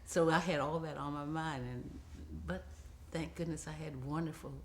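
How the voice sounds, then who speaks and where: A woman in her seventies from the United States, an actress reminiscing in an interview, animated and laughing often as she tells stories. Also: deep voice, moderate pace, slight background noise. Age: 70s.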